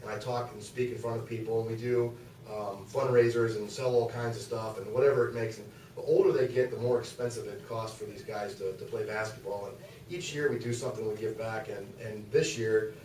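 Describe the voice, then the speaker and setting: A man's voice: lowish voice, steady tone, fairly quick, a little mellow, a little hiss or hum. Folksy man telling stories in an echoey hall. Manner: folksy, rambling, many restarts and fillers. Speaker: guest speaker, youth basketball coach. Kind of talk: casual storytelling speech to a club. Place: meeting room, speaking to an audience. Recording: echoey room, voice from far off.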